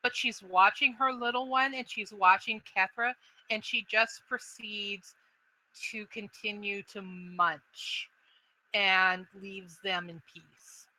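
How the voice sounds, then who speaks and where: Slow, bright-voiced woman game master. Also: mid-range voice, steady tone, poor audio. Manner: halting, with many restarts. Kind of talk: narrating a tabletop game.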